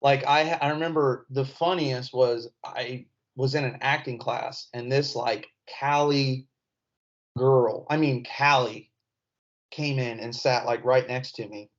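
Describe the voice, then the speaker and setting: A man's voice: medium pitch, steady tone, a little slow. A man from Indiana with a rural Indiana accent, a comedian telling stories as a podcast guest in a laid-back, rambling, self-mocking way. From Indiana, USA. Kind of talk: casual storytelling chat. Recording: slightly dull podcast audio.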